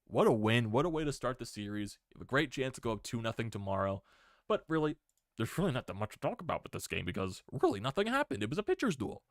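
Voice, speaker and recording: A man hosting a casual sports recap stream, excitable and given to repeated exclamations. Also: medium pitch, fast, dry recording, clean studio sound.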